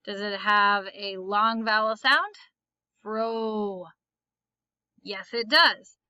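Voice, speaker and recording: A woman's voice: mid-range voice, measured pace, bright, forceful tone, clean tone, no room sound, muffled recording. A woman teaching a phonics lesson, patiently asking questions and then answering them herself. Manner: patient, asks and answers her own questions.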